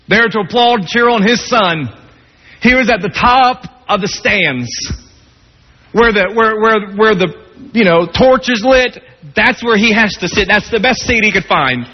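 High, husky-voiced preacher in a hall. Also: male voice. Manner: dramatic, swings between soft low tones and rising emphasis. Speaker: pastor. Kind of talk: sermon storytelling. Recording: dull, long-reverb hall sound.

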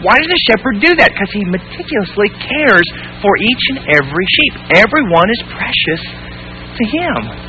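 A man preaching a sermon to his congregation, swinging between loud emphasis and hushed tenderness and asking repeated rhetorical questions. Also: high-pitched, big pitch swings, moderate pace, lo-fi sound, soft background music. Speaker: pastor.

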